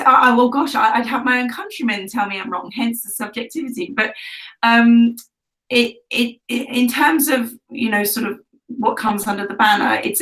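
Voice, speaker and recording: A British woman on a video call, chatting in a relaxed, halting way with many restarts and easy laughter. Her voice sits at an ordinary middle pitch. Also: gravelly. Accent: British English. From United Kingdom. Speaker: guest. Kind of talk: casual video call chat.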